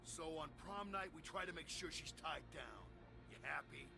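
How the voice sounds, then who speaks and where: An actor playing a sardonic, defensive male henchman in a video game, with a gravelly voice. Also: a little high, normal speed, over music. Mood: gruff banter.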